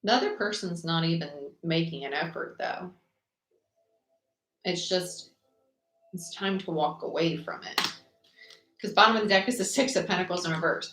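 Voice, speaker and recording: Chatty tarot reader, low and echoey. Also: female voice. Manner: chatty, quick, lists cards aloud. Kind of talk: live tarot reading. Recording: echoey room with faint noise.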